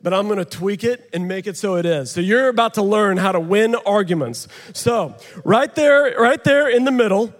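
A man preaches to a gathered audience, holding a handheld mic and joking with the crowd. His voice sits high and carries a long reverb from the big hall around him. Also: moderate pace, hardly any pauses. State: out of breath. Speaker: pastor. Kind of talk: sermon with live demonstration.

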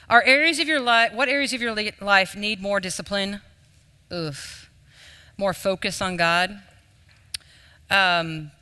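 A man's voice: high-pitched, sharp tone, smooth. A man giving an informal, conversational sermon to a live room, self-deprecating in tone. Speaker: speaker leading a devotional. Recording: reverberant hall.

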